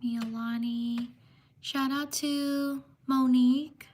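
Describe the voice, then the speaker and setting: A woman hosting a casual livestream, giving slow, unhurried shout-outs and apologizing for mispronouncing names. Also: sits high, steady tone. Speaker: livestream host.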